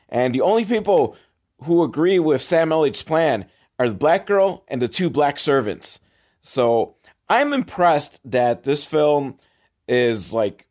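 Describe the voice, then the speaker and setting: Exasperated man mocking a film. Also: mid-range voice. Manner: deadpan and exasperated, swearing, with sudden loud outbursts. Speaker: host riffing on a film. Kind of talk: sarcastic movie commentary.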